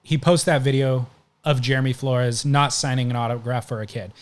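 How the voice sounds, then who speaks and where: A man hosts a casual podcast and tells long, winding stories in a relaxed, conversational way. His voice sits at an ordinary middle pitch. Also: brisk. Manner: recounting stories at length, conversational. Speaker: podcast host.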